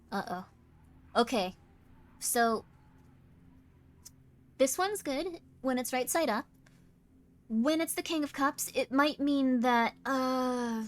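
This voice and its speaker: A tired woman streamer chatting casually while doing tarot readings, talking in quick self-interrupting bursts and apologizing often. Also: on the high side. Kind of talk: casual live-stream chat.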